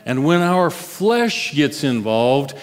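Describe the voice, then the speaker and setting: A male pastor preaching a sermon in a conversational, expressive way, and asking his listeners questions. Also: a little high, slow, big-room sound.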